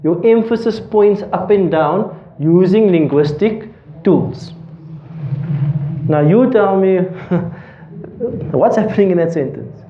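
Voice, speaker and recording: A man's voice: high-pitched, lively intonation, takes it slowly, pauses often, slight background noise. A man teaching a grammar class. He quizzes the students, answers his own questions and repeats the key terms. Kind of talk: classroom lesson. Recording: roomy, dull lo-fi classroom recording.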